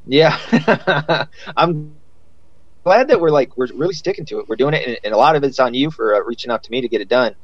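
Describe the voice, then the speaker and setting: A man's voice: medium pitch, animated, fast talker, no room sound, muffled recording. A man hosting a podcast in casual chat, rambling with lots of fillers and swearing freely. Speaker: podcast host.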